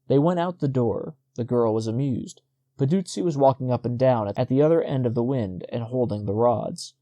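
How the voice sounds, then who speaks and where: A male audiobook narrator reading a short story at a steady, measured pace. His voice sits in a middle pitch with a warm, mellow tone. The recording is close and dry. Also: dry recording. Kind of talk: scripted narration.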